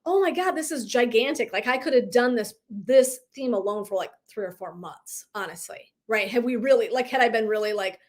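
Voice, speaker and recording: A woman's voice: mid-range voice, moderate pace, few pauses. A woman in her thirties, a wellness coach, talking casually and animatedly on a live video, swearing lightly and laughing often. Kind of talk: casual live-stream talk.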